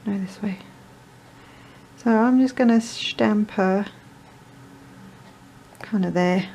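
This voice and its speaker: A woman's voice: mid-range voice, takes it slowly, vocal fry, dark tone, a little hiss or hum, rough recording. A woman chatting her way through a card-making tutorial, rambling with self-deprecating asides and muttering to herself. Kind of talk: crafting tutorial chat.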